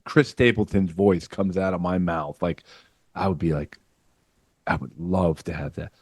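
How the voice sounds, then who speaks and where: A man's voice: low voice, steady tone, unhurried, slightly rough, dry recording. A man hosting a podcast in casual chat, loose and joking with crude humor. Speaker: podcast host.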